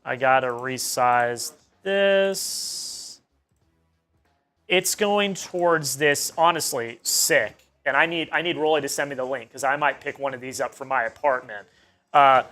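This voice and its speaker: A young man co-hosting a sports live stream, joking and teasing the chat in a casual, excitable way. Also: mid-range voice, a little slow, soft background music.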